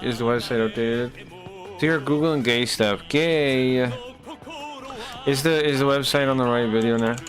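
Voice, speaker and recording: A man streaming live, chatting casually with his viewers in rambling, profane rants that keep breaking off and restarting. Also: mid-range voice.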